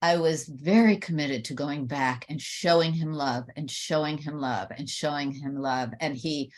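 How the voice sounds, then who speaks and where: A woman with a low voice speaks candidly on a webinar panel. She tells a personal story and gets animated whenever she quotes other people. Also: unhurried.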